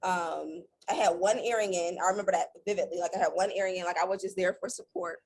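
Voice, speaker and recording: A woman's voice: on the low side, steady tone, quick pace, a little mellow, slightly rough. A woman co-hosting a casual storytime chat, rambling and interrupting herself as she tells her side. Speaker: co-host.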